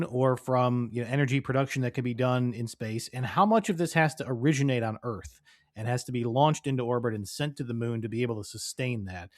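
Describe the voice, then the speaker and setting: A man hosting a podcast interview, asking long, measured questions with occasional fillers. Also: medium pitch, no room sound, studio quality. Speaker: podcast host.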